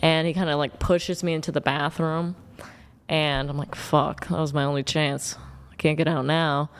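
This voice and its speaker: A young woman from Oklahoma recounts a story in a blunt, animated way, swearing freely. Her voice is smooth and clear. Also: low-pitched, moderate pace. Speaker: dating show guest.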